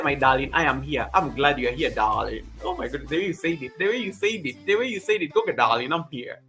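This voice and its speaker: A man's voice: on the high side, lively intonation, fast, hardly any pauses, pushed and bright. A man hosting a livestream, chatting casually and greeting viewers by name while repeating his phrases. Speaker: livestream host. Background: faint background music.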